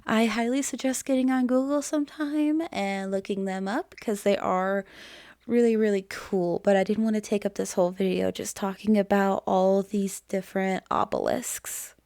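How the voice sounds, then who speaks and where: A woman's voice: mid-range voice, moderate pace, darkish tone. A woman hosting a mythology channel, narrating in a casual educational way with chatty asides to the viewer and jokes about her own pronunciation. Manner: self-deprecating about pronunciation.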